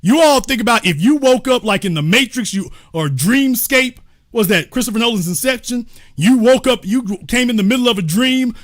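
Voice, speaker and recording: A man hosting a show, giving casual, joking commentary on a video and talking straight to his viewers. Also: high-pitched. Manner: animated, joking, talks to viewers as y'all. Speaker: host.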